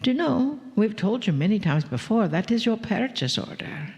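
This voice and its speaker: A woman channeling a spiritual message to a live audience, slow and breathy, slipping into whispers. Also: mid-range voice, sing-song, long reverb tail. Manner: slow and breathy, drifting into whispers with soft laughs.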